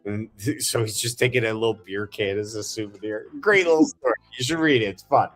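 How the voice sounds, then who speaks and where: A man's voice: lowish voice, brisk, a bit bright, soft background music. A man hosting a casual miniature-painting chat, rambling enthusiastically as he tells stories. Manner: chatty, rambling, enthusiastic storyteller.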